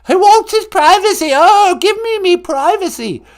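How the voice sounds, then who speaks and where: Man doing a shrill, bossy old English royal granny, loud falsetto, all over the place. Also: animated, moderate pace. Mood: scolding. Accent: put-on English. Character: shrill scolding elderly royal grandmother.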